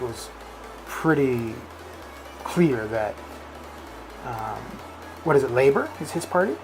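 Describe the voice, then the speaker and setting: Casual streamer, mid pitch, rambling, restarts, fillers, light music behind. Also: poor audio. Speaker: game streamer. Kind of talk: casual live-stream chat. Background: faint background music.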